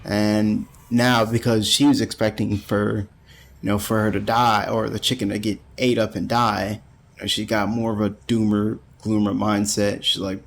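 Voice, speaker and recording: A man's voice: fairly low pitch, flat delivery, moderate pace, slight background noise. A man giving a casual, rambling manga chapter review, full of slang and frequent laughter. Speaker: anime reviewer.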